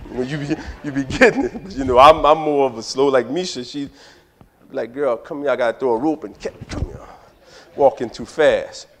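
A man, preaching a sermon in a conversational, joking way that speaks straight to the congregation. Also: fairly high pitch. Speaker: pastor.

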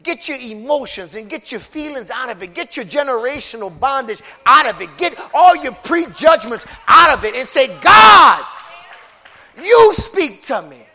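High-voiced, fervent preaching man. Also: animated, moderate pace, hardly any pauses. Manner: impassioned preaching, swinging from hushed to shouted; talks straight at the congregation with folksy asides. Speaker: pastor. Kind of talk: sermon.

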